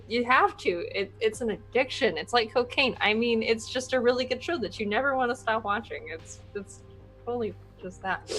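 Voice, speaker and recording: A woman's voice: a little high, a bit bright, poor audio. A woman player and streamer chatting casually after a game, bubbly, rambling and effusive. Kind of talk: casual post-game chat.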